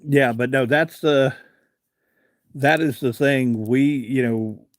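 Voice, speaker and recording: A man's voice: mid-range voice, takes it slowly, dry recording. A middle-aged man from hosts a casual live stream. He drifts through long folksy tales, stopping to read and answer comments from viewers. His mid-range voice sounds close and dry. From Virginia, USA. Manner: rambling, folksy storyteller who reads out and answers viewer comments.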